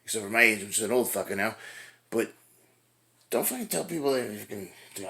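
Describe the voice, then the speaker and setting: A man's voice: fairly low pitch, animated, a little fast, pauses often, sharp tone. A middle-aged man venting to the camera in a rambling, casual way, with frequent swearing, often tagging "right?" onto his sentences. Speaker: fitness vlogger.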